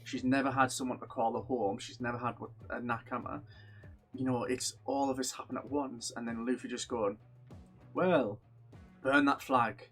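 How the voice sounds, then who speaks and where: A man talks in a relaxed, rambling way on a chat podcast, excited as he retells scenes. His pitch sits in the middle, and faint music plays underneath. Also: brisk, breathy edge. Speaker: podcast co-host. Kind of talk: casual chat.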